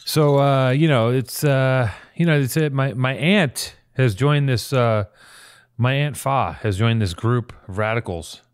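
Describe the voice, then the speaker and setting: A man hosting a comedy podcast, rambling through jokes and stories with mock-hype shouts. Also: mid-range voice, measured pace, clean tone, no echo. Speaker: podcast host.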